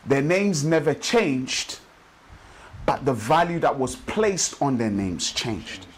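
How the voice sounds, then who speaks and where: A man preaching a sermon in a church service, building rhythm with repeated phrases and slowing down to stress his points. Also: medium pitch, very animated, slight background noise, low-quality recording. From Nigeria. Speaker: pastor.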